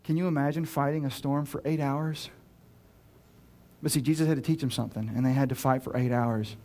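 A man's voice: medium pitch, fairly even intonation, brisk, mellow. A male pastor preaching a sermon in a casual, joking way, with playful asides and acted-out dialogue.

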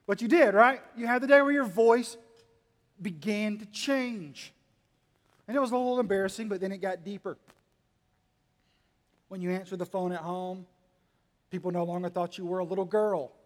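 Male pastor, high voice, dynamic sermon delivery with humor, hall reverb. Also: steady tone, a little fast, long pauses. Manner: dynamic, swinging between quiet asides and loud emphatic lines; humorous, teasing the congregation. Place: church hall.

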